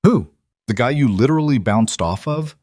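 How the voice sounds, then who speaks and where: A man voicing a young woman heroine in an audiobook romance, raising his voice high and sounding flustered yet defiant. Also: animated, normal speed, dry recording, clean studio sound, natural voice. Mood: sheepish. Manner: raised pitch, pleading then sharp.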